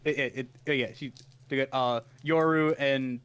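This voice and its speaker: A man's voice: medium pitch, steady tone, normal speed, fairly bright tone, clear, resonant tone. A man co-hosting a casual anime podcast, retelling episodes with lots of restarts and amused laughs. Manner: rambling, many restarts, laughs at his own retelling. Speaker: podcast co-host. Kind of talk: casual anime review chat.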